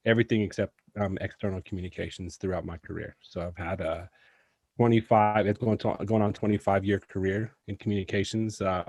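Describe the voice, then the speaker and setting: Male podcast guest on a video call, easygoing measured talk, low pitch. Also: no echo. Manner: relaxed, measured, many "you know" fillers. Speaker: podcast guest, communications professional. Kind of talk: casual conversational podcast chat. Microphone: video call mic.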